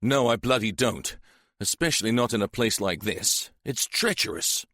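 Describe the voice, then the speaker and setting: A young detective, blunt and a little sardonic, uneasy on a cold stakeout, played by a man. The voice is fairly low and sounds close and dry. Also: animated, normal speed, a bit bright, no echo. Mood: wary. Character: young male detective constable, wary and blunt.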